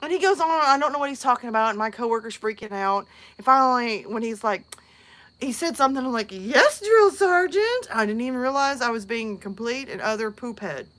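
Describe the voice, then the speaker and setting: A woman hosting her channel, telling a story in a casual, animated way, laughing often and acting out other people in squeaky voices. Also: fast talker. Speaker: channel host.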